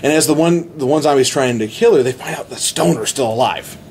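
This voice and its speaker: A man in casual podcast chat, retelling a movie plot excitedly with many restarts. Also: mid-range voice, fairly quick, slight background noise. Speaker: podcast host.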